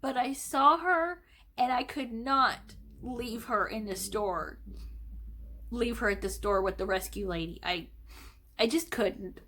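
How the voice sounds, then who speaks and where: A woman vlogger telling a personal story in a slow, emotional, rambling way, with many fillers and restarts. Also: fairly high pitch, bright, forceful tone.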